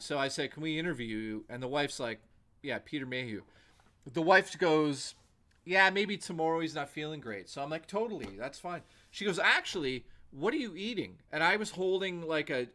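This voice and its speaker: A man's voice: a little high, pushed and bright. A male livestream host telling rambling, profane anecdotes in a casual way, with lots of "like" fillers.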